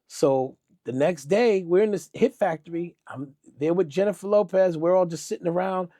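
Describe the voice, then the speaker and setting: Animated middle-aged male storyteller, dry sound. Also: sits high, moderate pace, no echo. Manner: animated storyteller, acting out quotes. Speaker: music producer guest. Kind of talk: casual interview storytelling.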